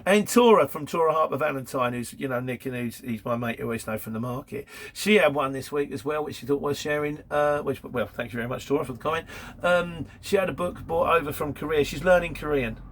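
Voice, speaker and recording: A man's voice: fairly high pitch, quick pace, fairly bright tone. A man, chatting casually in a Q&A about work as a courier driver and telling anecdotes. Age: 50s. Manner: chatty storytelling, laughs between anecdotes. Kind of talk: casual Q&A monologue.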